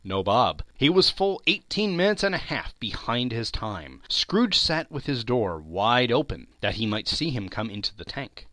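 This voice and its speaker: A man's voice: medium pitch, big pitch swings, unhurried, hardly any pauses, bright, forceful tone, no room sound. A man hosting a podcast gives a dramatic reading of a classic story, telling it expressively and with emphatic swings. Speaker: podcast host and reader.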